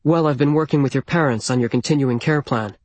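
A man voicing a gentle, kind male hospital doctor who speaks in a soft, measured way. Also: medium pitch, no room sound, lightly acted. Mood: calm reassuring.

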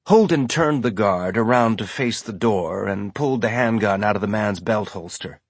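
A man giving measured, scripted audiobook narration. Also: fairly low pitch, husky, no room sound.

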